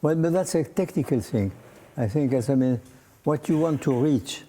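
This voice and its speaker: An older man with a French accent coaching a young conductor in a concert hall, direct and halting, singing phrases out in syllables. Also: a little high, warm tone. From France. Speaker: conducting teacher. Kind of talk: masterclass coaching. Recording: roomy concert hall reverb.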